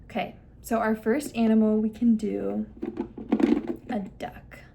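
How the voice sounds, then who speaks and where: A woman's voice: a little high, little pitch movement, moderate pace, creaky, warm tone. Woman demonstrating a listening activity. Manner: explains step by step, models exaggerated emphasis on key words. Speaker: speech therapist demonstrating to parents. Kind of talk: instructional demonstration.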